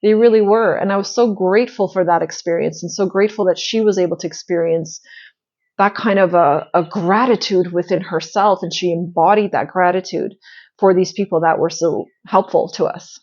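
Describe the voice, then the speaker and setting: A woman's voice: lowish voice, fairly even intonation, normal speed, darkish tone, dull audio. A woman host telling a personal story in a casual, earnest way, with many fillers and restarts. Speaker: spiritual channel host.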